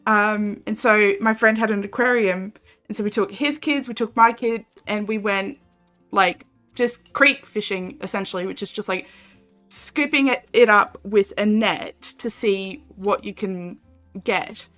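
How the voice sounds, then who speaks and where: A woman's voice: mid-range voice, unhurried, fairly bright tone, faint music behind. A young Australian woman chatting casually and animatedly while streaming a game, reading chat and laughing often.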